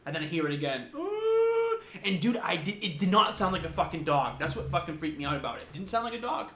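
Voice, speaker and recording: A man co-hosting a podcast in casual chat, telling stories in a lively way and swearing freely. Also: a little high, fast talker. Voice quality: swears a lot, animated storytelling. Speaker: podcast co-host. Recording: echoey room, faint noise.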